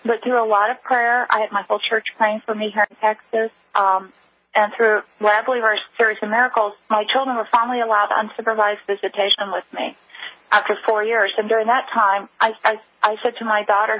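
A middle-aged woman recounting a personal story as an interview guest, earnest and halting with frequent restarts. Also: mid-range voice, flat delivery, fairly bright tone, breathy edge, dry recording, dull audio.

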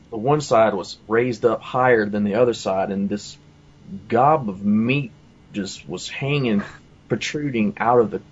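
A man's voice: mid-range voice, husky, lo-fi sound. A man telling a personal testimony in a casual, rambling way, full of asides and fillers. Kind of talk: casual storytelling.

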